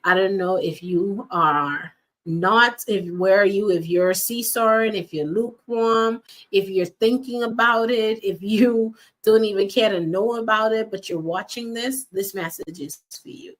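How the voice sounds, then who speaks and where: A woman's voice: mid-range voice, unhurried. A woman coach giving an earnest faith-based motivational talk, repeating key phrases and speaking straight to her listeners.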